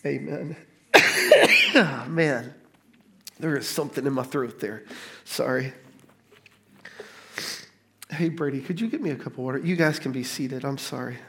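A middle-aged man preaching a sermon to a church congregation, casual and joking, building to excited emphasis. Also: mid-range voice, normal speed, pauses often. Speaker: pastor.

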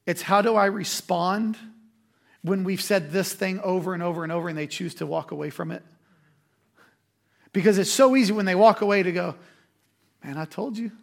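A man's voice: high-pitched, brisk, gravelly, long pauses. A man preaching a sermon as a pastor, in a conversational, emphatic way with quoted asides.

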